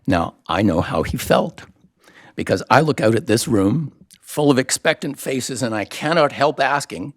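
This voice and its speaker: A man's voice: mid-range voice, sing-song, moderate pace. Canadian man giving a witty speech. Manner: dry wit, many uh fillers, quoted lines acted out. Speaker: think tank head giving a launch speech. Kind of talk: formal speech with anecdotes. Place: event room with an audience.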